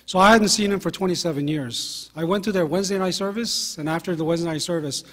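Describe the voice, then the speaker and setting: A man in his fifties, a pastor telling anecdotes in a relaxed sermon, with fillers and self-deprecating humor. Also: high voice, quick pace. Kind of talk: conversational sermon storytelling. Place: church sanctuary. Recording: long hall reverb from a church.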